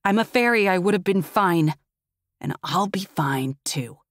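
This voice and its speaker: A hurt young fae man grumbles and wheezes through his replies, his voice pitched low and held back, put on by a woman narrating. The words come quietly and wryly. The sound is close and dry. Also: expressive, normal speed, dry recording, close to an everyday voice. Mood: pained. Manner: low grumbling, breathy when in pain. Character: young male fae, wounded, wry and grumbling.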